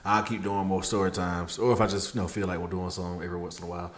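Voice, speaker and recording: A man's voice: deep voice, flat delivery, racing. A man hosting a casual reaction video, laid-back and laughing along. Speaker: reaction channel host. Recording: roomy echo.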